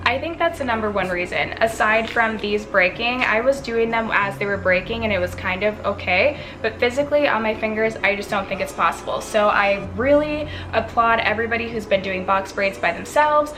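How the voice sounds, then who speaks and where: A woman's voice: medium pitch, brisk, hardly any pauses, music in the background. A young woman with a Midwestern American accent, talking casually to camera in a rambling, chatty way that restarts mid-thought. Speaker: beauty vlogger. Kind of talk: casual vlog talk to camera.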